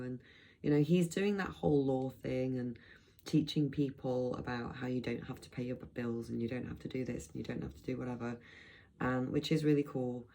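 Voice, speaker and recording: Middle-aged woman from blackpool, deep gravelly voice, rambly vlog chat. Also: fairly even intonation, moderate pace, dark tone, poor audio. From England, Blackpool. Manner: rambling, loose, full of restarts and asides. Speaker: vlogger.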